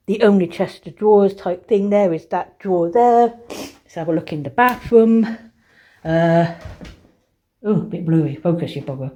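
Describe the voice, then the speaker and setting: A woman with a medium-pitched, darkish voice vlogs on her phone camera from a hotel room. She's exasperated, swearing often as she rants to camera in casual style before touring the room.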